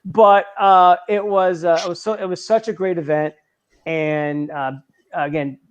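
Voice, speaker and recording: A man in his forties chats casually on a live stream, his voice sitting a little high for a man. He rambles along with plenty of fillers and restarts, and he comes through over a remote call. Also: fairly even intonation, measured pace, clear, resonant tone. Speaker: event organizer guest.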